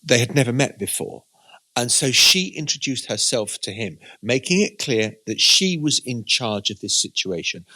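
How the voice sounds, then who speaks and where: A man co-hosting a political podcast, recalling events and weighing them up in a measured, reflective way. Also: medium pitch, sharp tone. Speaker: podcast co-host. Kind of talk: conversational political analysis.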